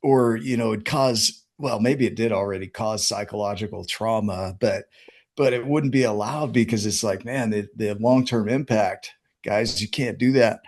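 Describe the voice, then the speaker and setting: A man's voice: fairly low pitch, a little mellow. A man co-hosting a podcast, chatting casually and mostly answering with short agreeing replies. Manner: listens with short agreeing replies, slow and easygoing. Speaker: podcast co-host. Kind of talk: casual chat.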